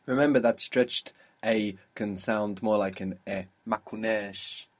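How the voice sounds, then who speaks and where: A man teaching a language lesson, patiently drilling words and saying them slowly and clearly. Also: on the low side.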